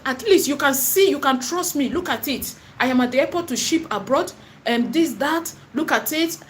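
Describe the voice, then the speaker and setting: A Nigerian-accented woman, an online seller and spiritual vlogger, gives an impassioned preaching monologue in her vlog. She is emphatic and repetitive, slipping into Pidgin and Igbo phrases, and her high-pitched voice comes with slight background noise.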